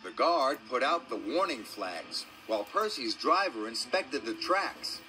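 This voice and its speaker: A man narrating a children's story in a slow, gently expressive way. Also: mid-range voice. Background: music.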